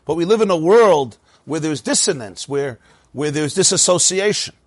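A middle-aged man teaching a Torah class with a slightly high, husky voice. He talks in an animated way, throwing out rhetorical questions and doubling back on his words. The sound is dry and close, with little room around it. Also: moderate pace, no room sound. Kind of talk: Torah lecture.

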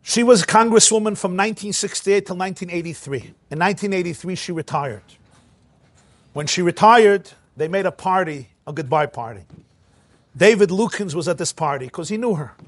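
A man giving a storytelling lecture, recounting events with animated emphasis and acting out quoted dialogue. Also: high voice, normal speed, dry recording.

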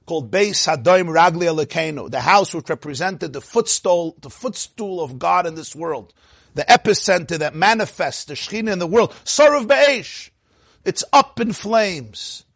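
Animated husky-voiced man teaching Torah. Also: on the high side, no room sound, studio quality. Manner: animated storytelling, mixing Hebrew and Yiddish phrases with English explanation. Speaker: rabbi teaching. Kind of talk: Torah lecture.

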